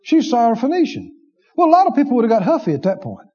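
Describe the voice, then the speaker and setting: Husky high-voiced animated preacher man. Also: quick pace, muffled recording. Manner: animated, acts out inner voices, laughs while preaching. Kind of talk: sermon.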